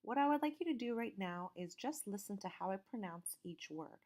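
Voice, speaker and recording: A woman teacher giving a recorded vocabulary lecture and reading word lists slowly, stressing each syllable with care. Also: mid-range voice, expressive, darkish tone. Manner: slow, careful pronunciation drills.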